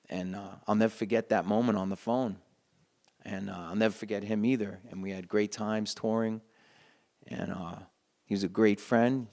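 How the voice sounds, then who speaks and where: A middle-aged man telling a heartfelt story in a casual, halting way, with frequent restarts. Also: fairly low pitch, fairly even intonation, darkish tone. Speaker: guitarist sharing a memory.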